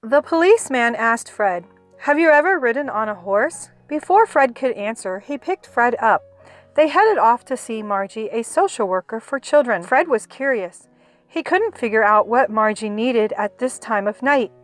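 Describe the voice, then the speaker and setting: A woman teaching a homeschool lesson, reading a storybook aloud slowly and clearly and explaining poetry terms. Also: a little high, lively intonation. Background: faint music.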